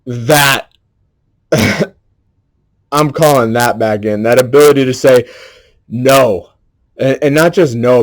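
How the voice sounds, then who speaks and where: Slow, earnest, intense man. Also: mid-range voice. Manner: earnest and intense, swears freely. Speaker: solo livestreamer. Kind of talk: emotional solo performance. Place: at home.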